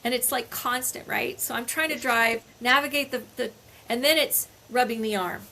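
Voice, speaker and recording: An older woman co-hosts a casual podcast chat, spinning lively stories in a high voice. Her tone is bright and forward. She acts out back-and-forth exchanges as she talks. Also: moderate pace, gravelly. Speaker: podcast co-host.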